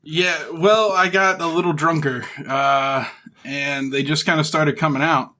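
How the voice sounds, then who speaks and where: Bright-voiced jokey male co-host. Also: a little high, steady tone, unhurried. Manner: jokey, storytelling. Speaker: podcast co-host. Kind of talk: casual comedic podcast chat.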